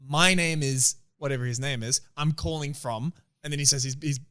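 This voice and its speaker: A young Australian man co-hosting a podcast, asking excitable questions and telling stories into a studio microphone. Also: mid-range voice, moderate pace, clean tone. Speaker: podcast co-host. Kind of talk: casual chat.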